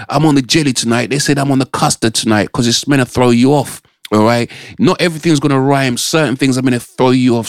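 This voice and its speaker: A man hosting a casual radio chat, explaining in an animated way and often checking in with his listeners. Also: mid-range voice, no echo, studio quality. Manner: animated, explaining with lots of "all right?" check-ins. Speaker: radio host.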